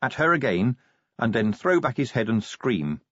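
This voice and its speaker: A man narrating a comic fantasy audiobook with expressive, dramatic storytelling. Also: medium pitch, moderate pace, dry recording. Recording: dull, dry, lo-fi audiobook recording.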